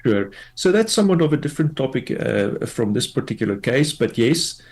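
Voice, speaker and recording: A man, a tax law expert, explains a court ruling in a measured way, with many fillers, in a radio news interview. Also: mid-range voice, sing-song, a little mellow.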